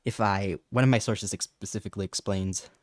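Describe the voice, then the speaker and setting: A man's voice: on the low side, fairly even intonation, a little fast, no echo, clean studio sound. A man hosting a casual educational livestream on bacteria, chatting, reading chat messages, laughing and stumbling over terms. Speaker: science streamer.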